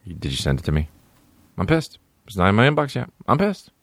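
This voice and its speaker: A man's voice: low voice, big pitch swings, fast, no room sound. A male comedy podcast host talking in a crude, rambling way, mocking and profane, dropping to mumbles and then bursting out. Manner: profane, mocking, swings between mumbling and outbursts. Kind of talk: crude rambling comic chat.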